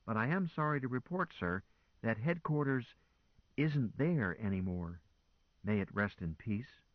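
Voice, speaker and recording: A man voicing a calm, teasing woman commodore who gives orders with wry composure. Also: medium pitch, unhurried, no echo, lo-fi sound, pitched above the performer's own voice. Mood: sober.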